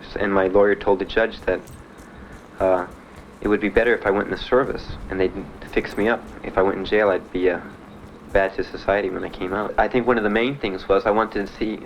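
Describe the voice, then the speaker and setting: A man's voice: on the low side, dull audio, slight background noise. A young American man from Miami, a veteran bluntly and matter-of-factly telling his own story with dry laughs. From United States (Miami). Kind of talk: candid spoken testimony.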